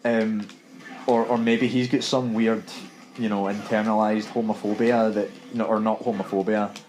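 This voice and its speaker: A man's voice: on the low side, flat delivery, normal speed, a little mellow, poor audio. A young Scottish man co-hosting a gaming podcast, telling a story in casual, laughing chat.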